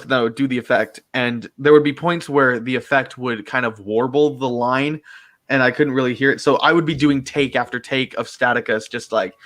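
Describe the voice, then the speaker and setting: A man's voice: medium pitch, a bit bright. A man, a voice actor, chatting casually in an interview, rambling with many fillers and restarts and laughing often. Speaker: voice actor guest.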